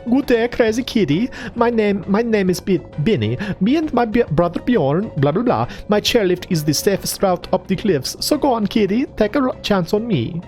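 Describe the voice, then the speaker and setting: A man's voice: high voice, lively intonation, normal speed, hardly any pauses, darkish tone, faint music behind, pitched above the performer's own voice. A man voicing a cheery male bear who runs a chairlift in a game, with a put-on Scandinavian-style accent and sing-song salesman patter. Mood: chirpy.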